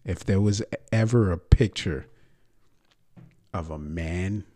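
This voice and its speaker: A man's voice: low-pitched, slow pace, dark tone. A young man ranting about sports on a podcast, brash, profane and mocking.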